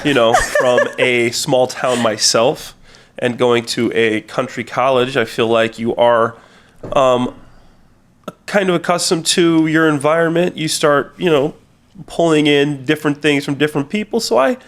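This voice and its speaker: A man's voice: medium pitch, measured pace. A man as a podcast guest in casual chat, easygoing and ribbing the others. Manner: easygoing, good-natured ribbing.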